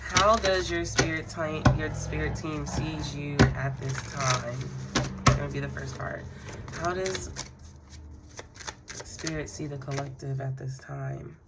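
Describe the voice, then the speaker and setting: Low-voiced woman giving an encouraging tarot reading. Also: slow, very noisy. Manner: affirming, encouraging, speaks to the listener directly; relaxed, with fillers and soft laughs. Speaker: tarot card reader.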